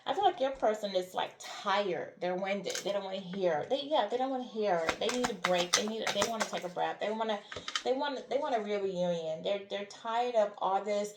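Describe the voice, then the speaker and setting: A woman's voice: mid-range voice, moderate pace, reverberant, slight background noise. A woman giving a spiritual tarot reading who keeps checking in with "all right?" and "okay?". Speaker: tarot reader.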